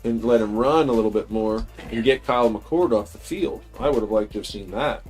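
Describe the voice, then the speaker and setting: A man co-hosting a casual sports chat show, joking and excitable as he talks football. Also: lowish voice, fairly quick, faint music behind, low-quality recording. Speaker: co-host.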